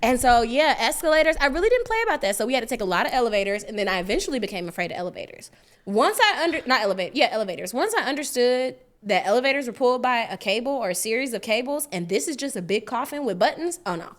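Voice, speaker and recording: A woman's voice: fairly high pitch, fast. A woman co-hosting a podcast, telling a story in casual chat and acting out the voices of the people in it. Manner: animated, acts out voices in the story. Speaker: podcast co-host.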